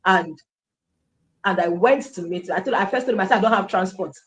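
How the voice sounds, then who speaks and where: A Nigerian woman telling her life story as an interview guest, an animated storyteller who acts out quoted dialogue and slips into Pidgin. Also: mid-range voice, a little fast. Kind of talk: personal testimony in an interview.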